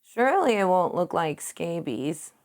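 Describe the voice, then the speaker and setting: Slow-talking playful woman streamer. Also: sing-song, a little mellow. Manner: giggly, playful, reads chat aloud and jumps in pitch. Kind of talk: casual live-stream chat while painting.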